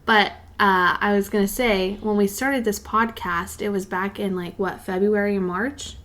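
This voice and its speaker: Woman, podcast co-host, casual chat, mid pitch, rambling with fillers. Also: fairly even intonation, moderate pace, fairly bright tone. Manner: chatty, lots of "like" and "you know".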